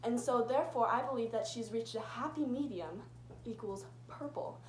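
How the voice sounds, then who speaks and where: A woman's voice: a little high, normal speed, a little hiss or hum. A teenage girl earnestly giving prepared answers as a guest in a scripted student talk show. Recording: echoey room.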